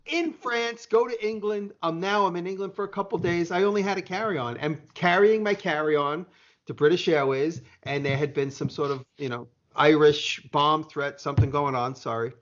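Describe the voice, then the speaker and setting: A man's voice: on the high side, fairly even intonation, moderate pace. Laid-back American man telling a story. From United States. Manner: rambling, laid-back, swears casually. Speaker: podcast guest. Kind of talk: casual storytelling chat. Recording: dull lo-fi sound.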